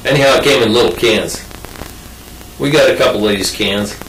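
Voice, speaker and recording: A man's voice: fairly low pitch, moderate pace, fairly bright tone, recorded from a distance, a little hiss or hum. An older man telling a rambling, folksy personal story in casual oral-history style, full of restarts and asides. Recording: roomy sound from off mic.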